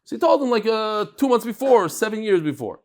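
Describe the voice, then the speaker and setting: High, lively rabbi teaching Talmud. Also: male voice, brisk. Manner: animated, thinking out loud, acting out exchanges; mixes English with Hebrew and Aramaic terms. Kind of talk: Talmud lecture.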